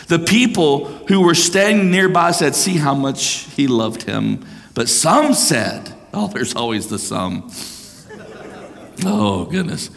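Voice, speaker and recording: Male pastor, fairly high voice, fervent preaching with hushed dips, long church reverb. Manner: impassioned preaching, swinging between raised and hushed. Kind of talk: sermon. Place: church sanctuary.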